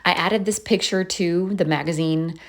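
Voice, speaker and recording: A woman's voice: fairly low pitch, fairly even intonation, normal speed. A woman chatting casually in a voice-over, telling stories and laughing often. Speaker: planner vlogger.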